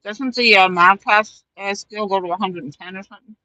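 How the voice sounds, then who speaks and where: Bright-voiced woman hosting a fishing live stream. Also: medium pitch, a little fast, rough recording. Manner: chatty, laughs often, talks to viewers. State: talking with a mouth full of cookies. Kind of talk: casual live-stream chat.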